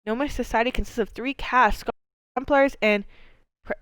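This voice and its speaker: A woman's voice: a little high, fairly even intonation, normal speed, fairly bright tone, smooth, no room sound, clean studio sound. A woman streamer giving casual, rambling commentary while she plays, with lots of fillers, the odd swear word and easy laughter. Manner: laughs easily. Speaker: game streamer.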